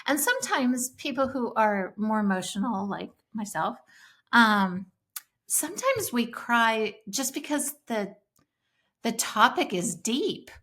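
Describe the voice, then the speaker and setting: A woman's voice: fairly high pitch, big pitch swings, slow pace, a bit bright. A middle-aged woman co-hosting a faith-based parenting podcast, talking in an earnest, emotional, casual way. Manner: earnest, emotional, speaks of crying easily. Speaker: podcast co-host.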